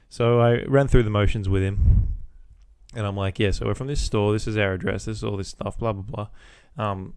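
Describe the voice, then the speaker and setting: A podcast host with a fairly low, mellow voice recounts his workday casually, swearing and acting out both ends of phone calls. He speaks at normal speed with fairly even intonation, and the studio recording is clean and dry.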